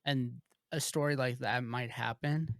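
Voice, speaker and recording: A man's voice: medium pitch, steady tone, a little slow, a bit bright, no room sound, studio quality. A man co-hosting a podcast in casual chat, teasing his friends. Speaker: podcast co-host.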